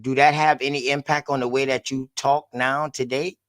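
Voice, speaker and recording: A man's voice: medium pitch, flat delivery, normal speed, a bit bright. A man hosting a casual panel talk who keeps cutting in to press the guest with questions.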